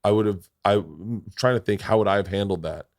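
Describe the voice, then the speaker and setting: A man's voice: on the low side, brisk, no echo, clean studio sound. A man hosting a podcast in casual chat, telling stories with lots of swearing and acting out the people in them. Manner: animated storyteller, swears a lot, acts out voices in anecdotes. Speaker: podcast host.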